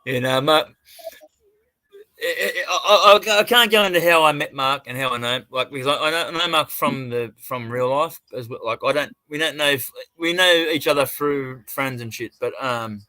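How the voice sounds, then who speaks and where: A man's voice: mid-range voice, normal speed, pushed and bright, dry recording. An Australian man hosting a livestream, a sweary, rambling storyteller who restarts his sentences often. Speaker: livestream host. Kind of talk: casual livestream chat.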